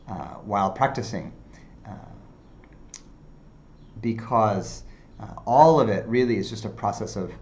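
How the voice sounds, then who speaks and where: A male meditation teacher giving an unhurried dharma talk, with many fillers and softly repeated phrases. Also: lowish voice, lively intonation, gravelly, dull audio, a little hiss or hum.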